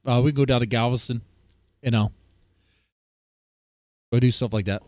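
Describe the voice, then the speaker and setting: A man's voice: medium pitch, fairly even intonation, normal speed, a little mellow, dry recording. Rambling man reacting on stream. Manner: rambling, crude, lots of fillers. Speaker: streamer host. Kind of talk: casual reaction commentary.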